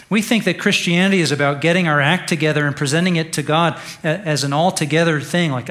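A male pastor preaching an Easter sermon in a conversational way, dropping to a hush and then rising to stress a point. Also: a little high, a little fast. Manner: conversational preaching, swings from hushed to emphatic.

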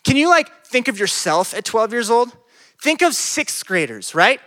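A man preaching a sermon as pastor, animated, joking and conversational. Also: extremely high pitch, normal speed. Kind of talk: sermon to a youth group.

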